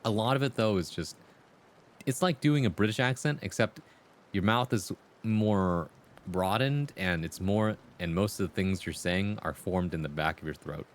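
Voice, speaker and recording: Talking at a normal speed in a fairly low voice, a livestream host chats conversationally with his audience. He brings his stories to life by acting out the voices of the people he quotes.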